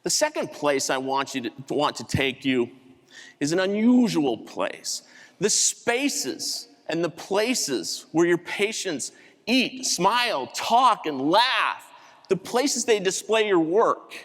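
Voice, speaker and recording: A man giving a keynote talk, telling a story in an animated way and acting out the voices of the people in it. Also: sits high, slow pace. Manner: animated storyteller, acts out quotes. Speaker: keynote speaker. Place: large conference hall. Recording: hall reverb.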